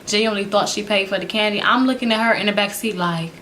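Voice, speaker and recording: A young woman tells a casual storytime straight to her viewers. She is animated, laughs often and calls out "y'all" as she talks, in a plain mid-pitched voice. A faint hiss sits behind her. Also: quick pace. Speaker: vlogger.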